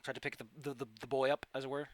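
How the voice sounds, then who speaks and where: A man's voice: mid-range voice, level tone, very fast, dry recording. A man running a tabletop game as game master, chatty and laughing often as he narrates.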